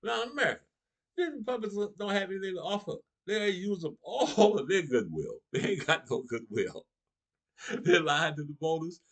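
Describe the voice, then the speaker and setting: A husky-voiced middle-aged male comedian with a lively, swooping delivery. He talks straight to his audience in a political comedy monologue and chuckles between his lines. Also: high voice, normal speed. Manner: animated, laughs between lines, addresses the audience directly.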